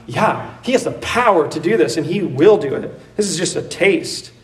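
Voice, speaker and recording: A man preaching a sermon in a conversational, animated way, laughing and acting out voices as he goes. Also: a little high, moderate pace, far from the mic, a little hiss or hum. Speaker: pastor. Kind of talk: expository sermon.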